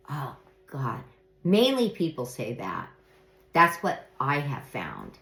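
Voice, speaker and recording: A middle-aged woman talks through life advice at a slow, deliberate pace. Her voice sits low, and she sounds earnest and reflective as she sometimes acts out little example phrases. The recording has a noticeable room echo. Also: huge pitch swings, gravelly, a bit bright. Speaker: speaker giving life advice. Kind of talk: reflective motivational monologue. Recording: echoey room.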